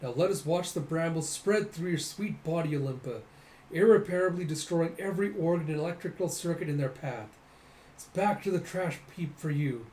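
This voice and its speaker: A man's voice: on the high side, moderate pace, warm tone, close to an everyday voice. A man voicing a cruel, arrogant male scientist with a sneering, theatrical delivery. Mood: gloating. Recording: echoey room, faint noise.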